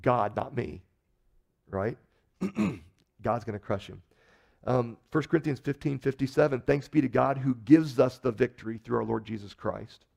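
This pastor's mid-range voice is gravelly and unhurried. He preaches conversationally and with animation, telling stories and performing the people in them.

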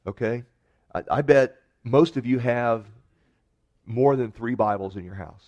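A man preaching a sermon earnestly, rising to emphatic peaks and dropping to soft, quiet lines. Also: mid-range voice, a little slow, lo-fi sound. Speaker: pastor.

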